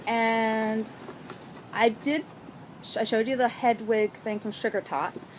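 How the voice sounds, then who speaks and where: Brief: young woman, chatty and excitable knitting vlogger, faint outdoor hiss behind. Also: fairly high pitch, slow, poor audio. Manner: bubbly, gushing, chatty. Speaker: knitting podcast host. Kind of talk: casual chat.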